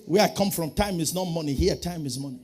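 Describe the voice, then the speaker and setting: A man preaching a sermon, calling out to the congregation and swinging from quiet asides to shouting. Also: a little high, fast talker. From Nigeria. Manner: preaching with call-and-response, swinging from soft to shouting. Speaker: pastor.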